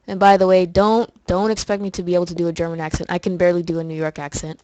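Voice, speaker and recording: A woman's voice: fairly low pitch, little pitch movement, racing, a little mellow. A young woman doing casual, rambling commentary over gameplay, often restarting her sentences. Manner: chatty, rambling, full of fillers. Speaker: let's play host.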